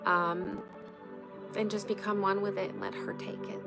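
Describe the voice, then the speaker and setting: A woman's voice: medium pitch, flat delivery, a little slow, low-quality recording. A woman hosting a casual late-night live chat, talking frankly and loosely with some swearing as she gives spiritual advice. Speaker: livestream host. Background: music playing.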